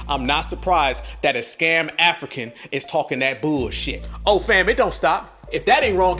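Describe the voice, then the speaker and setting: A man's voice: on the high side, a bit bright. An American man hosting a podcast, delivering heated, profane political commentary full of rhetorical questions. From United States. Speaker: podcast host.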